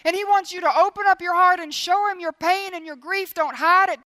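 High-voiced woman preaching earnestly. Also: brisk, no room sound. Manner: earnest, lively, varying between emphatic and hushed; repeats phrases for emphasis. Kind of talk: sermon.

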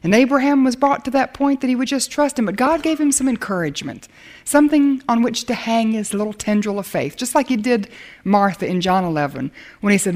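A woman's voice: a little high, animated, fairly quick. Earnest woman Bible teacher. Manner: earnest and emphatic, dropping to a hush at times. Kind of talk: sermon.

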